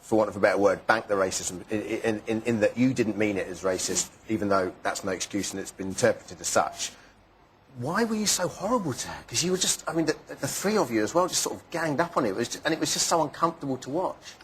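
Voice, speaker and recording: A man's voice: lowish voice, animated, fast, slight background noise. A man interviewing a guest on a TV show, pressing her with probing questions.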